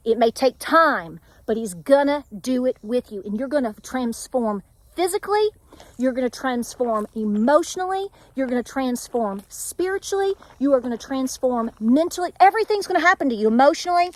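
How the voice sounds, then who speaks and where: Speaking at normal speed with lively intonation, this high-voiced woman is a middle-aged homestead vlogger from Tennessee. She chats casually about faith, full of earnest, preachy encouragement.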